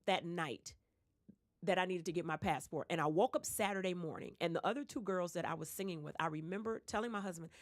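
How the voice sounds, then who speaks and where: Here a woman singer from Detroit speaks briskly as a radio guest, recounting stories casually and mimicking the voices of those she quotes with large pitch swings. The studio microphone captures her with no echo and studio quality.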